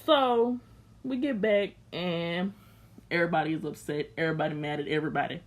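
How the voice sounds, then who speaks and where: A woman's voice: fairly low pitch, brisk. A young woman recapping a reality show in blunt, slangy, sassy chat, unscripted.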